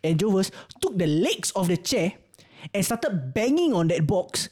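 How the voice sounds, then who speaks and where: Young Singaporean man, podcast co-host, very expressive pitch, swears freely, casual storytelling. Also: measured pace. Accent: Singaporean English. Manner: animated, swears freely, acts out voices in stories.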